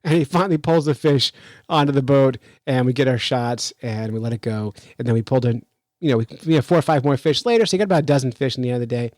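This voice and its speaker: A man hosting a fishing podcast, telling a story in an animated, chatty way and reading news out with his own remarks. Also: medium pitch, fast talker, no room sound, rough recording. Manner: animated, chatty, laughs while telling stories. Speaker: podcast host. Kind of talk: casual storytelling and news commentary.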